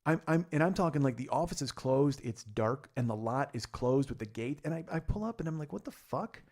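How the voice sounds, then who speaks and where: This comedy podcast host, a man with a medium-pitched, darkish voice, launches into a profane, exasperated story. His delivery is a fast, rambling rant, the kind of comic storytelling monologue built on frustration.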